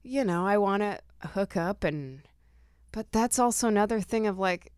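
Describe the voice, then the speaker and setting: A woman guest on a podcast, sleepy and soft-spoken, rambling through stories in casual chat. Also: mid-range voice, expressive, moderate pace, clean tone, dry recording, clean studio sound.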